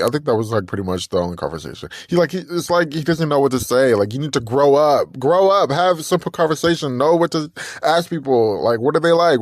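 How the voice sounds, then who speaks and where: Lively young man recapping reality TV. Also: on the high side, dry recording. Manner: animated storytelling, acting out quotes, laughs often. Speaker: podcast host.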